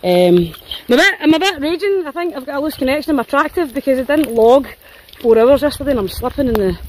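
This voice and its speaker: A Scottish woman on a casual dog-walking vlog, her voice sitting a little high as she jokes and swears her way along a forest path. She talks into a phone held while walking, chatting to the camera and the dogs. Clear outdoor noise runs underneath the whole recording. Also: expressive, quick pace, poor audio. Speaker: dog walker. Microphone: handheld phone while walking.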